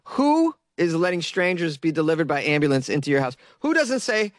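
A man's voice: fairly high pitch, big pitch swings, fairly quick, dry recording. A young man hosting a comedy show, stoned and giggly, riffing sarcastically on odd news stories. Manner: laid-back, giggly, sarcastic.

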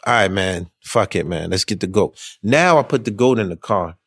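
A man telling a funny story casually, animated and slangy, acting out the other people's voices. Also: lowish voice, moderate pace, no room sound, studio quality. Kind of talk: casual anecdote.

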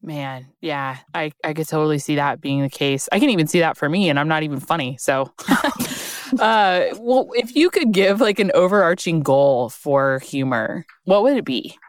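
A woman's voice: sits low, animated, moderate pace, no room sound, studio quality. A woman hosting a podcast, asking guests thoughtful questions in a casual, affirming chat. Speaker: podcast host.

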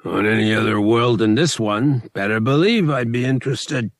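A man voicing a small, sharp-faced male dealer who talks in a wary, nervous, hushed way. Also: medium pitch, moderate pace, gravelly, no echo, clean studio sound, natural voice.

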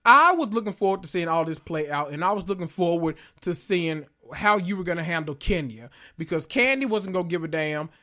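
A man's voice: high-pitched, lively intonation, fairly quick, hardly any pauses, bright, forceful tone. A man hosting a podcast, giving sassy, blunt commentary with dramatic emphasis. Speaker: podcast host. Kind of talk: casual pop-culture commentary podcast.

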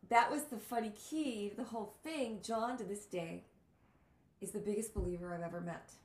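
A woman telling a story in a casual chat, animated, with quick asides and gushing reactions. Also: mid-range voice. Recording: roomy echo.

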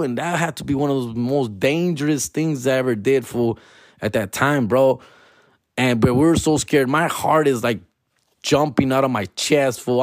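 A man's voice: mid-range voice, no room sound, clean studio sound. A man in his forties telling a personal story in casual, profane street slang, tagging lines with fool and dog and slipping into Spanish now and then. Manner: slips into Spanish phrases.

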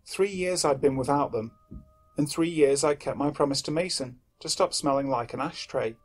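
A man narrating a horror story in a measured, somber way. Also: a little high.

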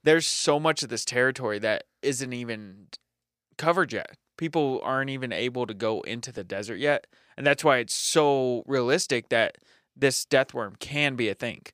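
A young man with a mid-pitched voice reads cryptid facts on a podcast in a relaxed, offhand way, swearing casually and breaking into laughs. The sound is dry and close to the microphone. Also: moderate pace, no echo. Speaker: podcast co-host.

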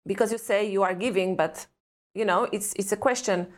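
A woman's voice: mid-range voice, a little fast. A woman with an Eastern European accent, a guest on a podcast, speaking earnestly and reflectively in a string of rhetorical questions. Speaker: guest expert on parenting and trauma. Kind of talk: podcast conversation.

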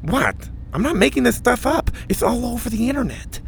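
Storybook figure: man playing a lisping boy genius, cocky and eccentric, pitched up. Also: big pitch swings, normal speed, gravelly, a little hiss or hum, full character voice. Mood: teasing. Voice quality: lisp.

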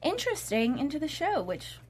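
A woman's voice: sits high, huge pitch swings, brisk. Chatty woman hosting a panel show. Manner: chatty, leads the segments. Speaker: host. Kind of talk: casual panel chat.

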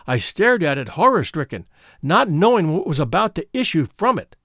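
A man reading the part of a frightened young woman who recounts her twin sister's death, in an earnest, measured storybook telling. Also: fairly high pitch, big pitch swings, fairly bright tone, no echo, studio quality, heavily acted. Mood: fearful. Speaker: audiobook reader.

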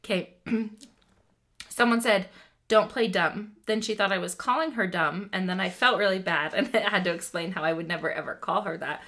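A woman's voice: medium pitch, normal speed, sharp tone. A woman co-hosting a podcast, chatting casually and teasing her co-host. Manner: playful, teasing. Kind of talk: casual chat.

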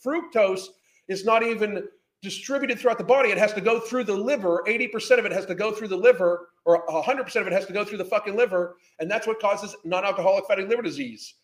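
A man with a notably high voice rants furiously, swearing and insulting as he goes. His voice rings in a roomy, echoey space, with a hard commentary-channel edge. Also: a bit bright. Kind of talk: profane reaction rant.

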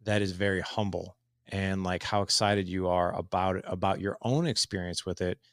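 Low gravelly man talking through advice. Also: normal speed, no echo, clean studio sound. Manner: animated storyteller who acts out quotes. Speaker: podcast guest, dad coach. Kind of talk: conversational interview answers.

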